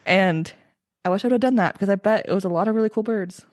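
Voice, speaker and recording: A woman's voice: medium pitch, fast, a little mellow, no room sound, studio quality. A young woman hosting a casual book podcast, chatty and opinionated, with lots of "like" fillers. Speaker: podcast host.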